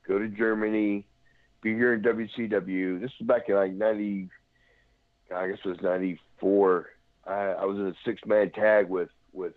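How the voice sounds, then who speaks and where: A man's voice: lowish voice, dry recording. A man, a former pro wrestler, telling rambling stories in a casual interview and imitating the people in them, heard over a phone line. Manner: rambling anecdotes, imitates others.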